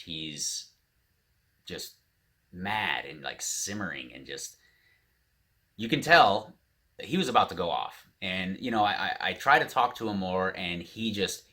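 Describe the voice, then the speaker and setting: A man casually telling a story straight to camera, quoting the people involved without changing his own voice. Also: deep voice. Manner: animated, quotes others in his own voice. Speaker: vlogger. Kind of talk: storytelling vlog.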